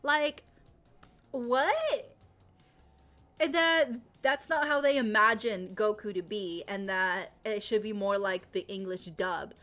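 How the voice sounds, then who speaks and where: A loud, animated woman chats on her live stream, her voice sitting in a mid range. She turns emphatic and repeats herself when she rants. Soft music plays faintly underneath. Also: mid-range voice, slow. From Latin America. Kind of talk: casual live-stream chat.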